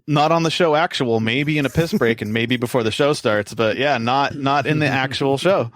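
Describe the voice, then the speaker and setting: A man's voice: medium pitch, moderate pace, a bit bright, dry recording, studio quality. A man co-hosting a podcast, chatting casually and crudely, swearing freely and mocking people. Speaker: podcast co-host. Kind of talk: casual profane banter.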